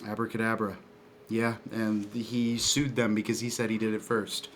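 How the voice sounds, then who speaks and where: A man in his twenties on a casual podcast with friends, an animated storyteller who laughs while sharing trivia. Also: lowish voice, moderate pace, slight background noise. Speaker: podcast co-host. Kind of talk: casual chat among friends.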